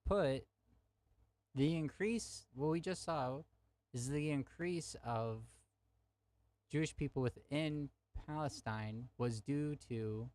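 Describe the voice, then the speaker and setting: A man's voice: mid-range voice, darkish tone. A young man streaming a heated debate, arguing angrily with his chat and swearing often. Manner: angry, profane, talks to chat.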